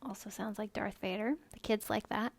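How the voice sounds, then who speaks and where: A woman yoga instructor gently guiding a live-streamed class in a chatty, easygoing way. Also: medium pitch, steady tone, fairly quick, creaky, a little hiss or hum. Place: home room, phone camera set far off. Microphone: phone far across the room.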